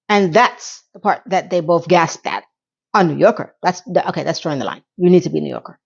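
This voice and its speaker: A woman recapping a TV episode in a casual chat, talking in a lively way with quick asides and questions to her viewers. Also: fairly low pitch, creaky, slightly rough, highs cut off. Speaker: TV recap reviewer.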